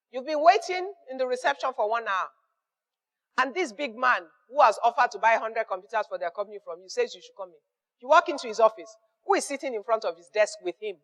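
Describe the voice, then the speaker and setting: High-voiced Nigerian woman giving business advice. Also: a bit bright, big-room sound. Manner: emphatic, repeats key phrases, acts out little dialogues. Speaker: business mentor. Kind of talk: motivational business advice talk.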